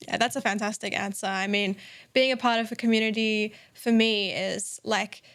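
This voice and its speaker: A woman's voice: mid-range voice, steady tone, normal speed, fairly bright tone. A woman hosting an interview podcast, affirming her guest's answers and asking follow-up questions. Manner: encouraging, affirming host. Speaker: podcast host. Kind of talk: casual interview.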